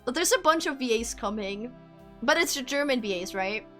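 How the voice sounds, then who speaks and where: A woman's voice: a little high, animated, normal speed, bright, forceful tone, faint music behind. A woman streamer chatting casually to her viewers, giggly and self-deprecating. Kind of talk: casual live-stream chat.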